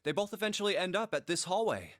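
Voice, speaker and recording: An actor voicing a wary young male video game hero who speaks tensely and quickly, with a dry, close sound. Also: high-pitched, very animated, fairly bright tone, dry recording.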